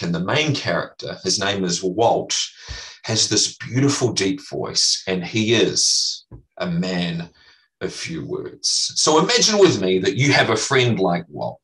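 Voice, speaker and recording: A man's voice: low voice, bright, forceful tone, far from the mic, low-quality recording. A man preaching a sermon as pastor, teaching earnestly and emphatically, repeating key phrases.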